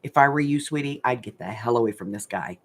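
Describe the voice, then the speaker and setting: A woman's voice: a bass voice, fast. Chatty older woman telling a story. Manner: chatty, animated retelling with filler words. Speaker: craft channel host. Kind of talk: casual storytelling.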